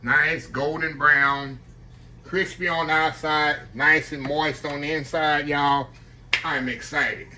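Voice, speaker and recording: A man's voice: a little high, level tone, slow pace, noisy background. A man hosting a casual home cooking demo, chatty and saying "y'all" a lot. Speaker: home cook channel host. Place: home kitchen, frying on the stove. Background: frying sizzle.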